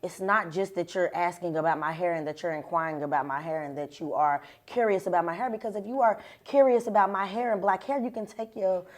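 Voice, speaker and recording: Low-voiced emphatic young woman panelist. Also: brisk, few pauses. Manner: emphatic, animated, laughs while making points. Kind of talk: candid panel discussion.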